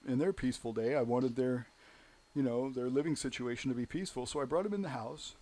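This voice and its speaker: A man's voice: medium pitch, fast talker, warm tone. A man hosting his own show, telling a story in a rambling, heated monologue full of "you know". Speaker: show host.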